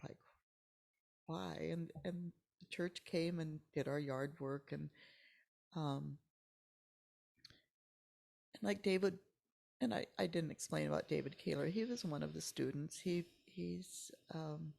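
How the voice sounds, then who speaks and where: An older woman, a church member, telling a personal story in a podcast interview, halting and emotional, often dropping to near-whispers. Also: deep voice, vocal fry, a little mellow.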